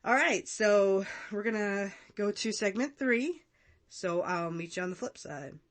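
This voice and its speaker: A woman's voice: mid-range voice, unhurried. Woman podcast host doing a watch-along, rambly and chatty, laughs a lot. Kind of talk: casual watch-along commentary.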